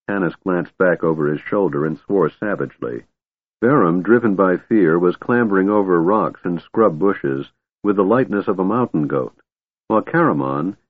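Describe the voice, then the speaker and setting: Low husky male audiobook narrator. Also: no echo. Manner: measured, expressive storytelling. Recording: tinny phone-like dry recording.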